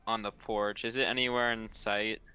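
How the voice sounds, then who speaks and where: Male player, low-ish, bright and smooth, casual game table talk. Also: flat delivery, normal speed, dry recording, low-quality recording.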